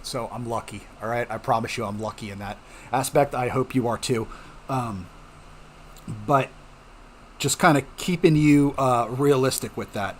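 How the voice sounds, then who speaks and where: Coughing at times, a middle-aged man runs a home mining channel and gives viewers casual explanations in a chatty, reassuring manner, often checking in with "okay?" His voice is medium in pitch at a moderate pace, with a little hiss or hum.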